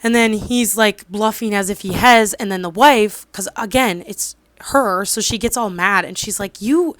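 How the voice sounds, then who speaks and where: A woman's voice: mid-range voice, normal speed, fairly bright tone, no room sound. Rambling young woman, dry close sound. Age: 20s. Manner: rambling, filler-heavy, loses track of details. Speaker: drama reviewer. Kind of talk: casual drama recap.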